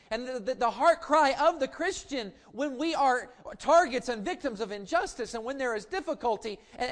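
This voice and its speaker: A middle-aged pastor delivers an impassioned sermon in a notably high male voice. He stretches key lines out slowly, then falls back to soft asides. Now and then he stumbles into a stammered restart as he builds. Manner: impassioned preaching with slow drawn-out emphasis and sudden drops to quiet asides.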